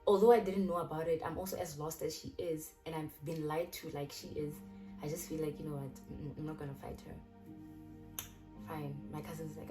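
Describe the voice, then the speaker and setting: A young South African woman telling a personal story in a chatty, animated way, often restarting her sentences. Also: sits low, brisk. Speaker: YouTuber. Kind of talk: casual storytelling. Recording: distant mic with loud background music.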